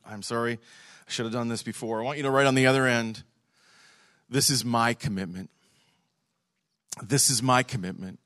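A middle-aged male pastor preaching in a church service, driving home his points by repeating them. His voice sits at an ordinary pitch for a man. The sound is dry and close. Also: a bit bright, dry recording. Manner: emphatic, repeats phrases for stress. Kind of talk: sermon.

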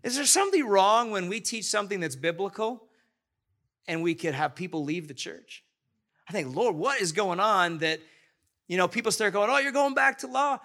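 A man's voice: sits high, expressive, normal speed, a bit bright. A man preaching a sermon as pastor, enthusiastic and rambling, often restarting his sentences.

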